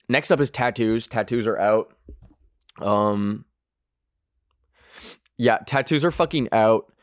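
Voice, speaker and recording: A man's voice: medium pitch, no echo, studio quality. A man hosting a podcast, ranting casually and swearing a lot, rambling with many fillers. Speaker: podcast host. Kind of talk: casual opinion rant.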